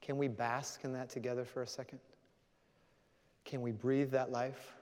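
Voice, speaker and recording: A man's voice: medium pitch, flat delivery, normal speed, darkish tone. A man preaching a sermon, telling a story earnestly and closing in prayer. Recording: long hall reverb.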